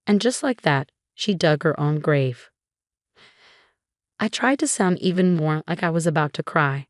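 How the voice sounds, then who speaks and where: A woman's voice: deep voice, measured pace, no room sound, studio quality. A woman narrating a first-person story in a wry, amused manner.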